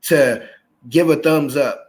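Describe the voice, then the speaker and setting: A man in his thirties hosting a casual interview chat, animated and acting out quoted voices as he talks. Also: a little high, slow. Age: 30s. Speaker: podcast host.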